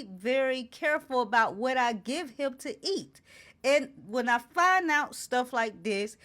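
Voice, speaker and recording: Fired-up woman ranting to camera, high voice, slow and deliberate. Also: a bit bright. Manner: indignant, repeating rhetorical questions. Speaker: host. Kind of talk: impassioned to-camera talk.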